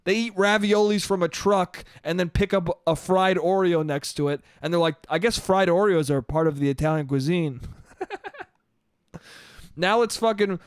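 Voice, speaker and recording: Guy in his late 20s ranting on his podcast, kinda high voice, swears a lot, dry close sound. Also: no room sound. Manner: profane, animated storytelling with put-on voices. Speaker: podcast host. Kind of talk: solo comedic podcast monologue.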